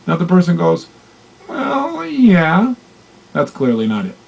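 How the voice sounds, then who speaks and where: A man giving a motivational talk on love and relationships, acting out both partners in dialogue with lively, shifting voices. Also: on the high side, fast, creaky, husky, highs cut off. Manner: animated, acts out both partners in quoted dialogue. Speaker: motivational speaker.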